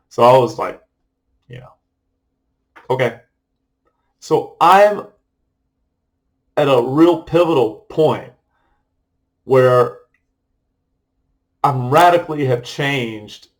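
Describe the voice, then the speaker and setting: A man's voice: medium pitch, poor audio. Rambling middle-aged man vlogging. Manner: rambling, loose, with many fillers and restarts. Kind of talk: casual personal vlog monologue.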